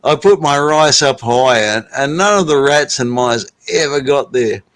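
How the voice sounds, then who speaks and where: A man's voice: mid-range voice, a little slow, a bit bright. A man telling rambling, profane stories in casual chat from home at his computer.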